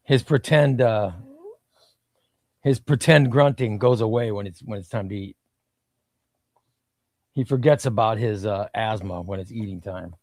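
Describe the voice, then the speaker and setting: A man's voice: on the low side, measured pace, pauses often, a little mellow, dry recording. Rambling man hosting a comics livestream. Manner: rambling, restarts sentences, reads chat comments aloud. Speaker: comic book livestream host. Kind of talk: casual live-stream chat. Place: home room.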